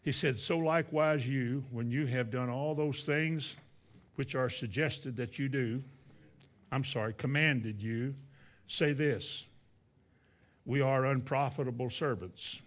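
A man's voice: mid-range voice, slow pace. A man preaching a sermon in a folksy way, acting out little scenes and asking his listeners questions. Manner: folksy, acts out boastful voices, asks the congregation questions.

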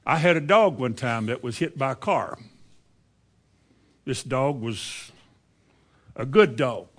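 A man's voice: mid-range voice, lively intonation, slow pace. A man in his seventies preaching a conversational sermon, full of rhetorical questions and wide swings in delivery. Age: 70s.

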